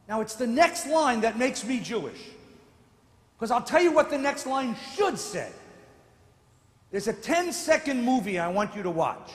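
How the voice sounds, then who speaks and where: A man giving a sermon-style lecture as a rabbi, telling stories and rising from quiet asides to shouted rebukes. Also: high voice. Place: synagogue sanctuary. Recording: echoey hall with long reverb.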